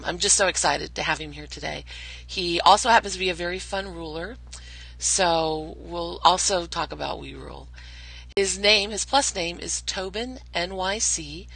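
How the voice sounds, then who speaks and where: A chatty woman hosting a podcast, her voice bright and forceful. She sounds eager, and her pitch sits a little low. The sound is close and dry, with almost no room around it. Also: dry recording, low-quality recording. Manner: enthusiastic, chatty, many restarts and fillers. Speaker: podcast host. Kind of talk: casual podcast interview.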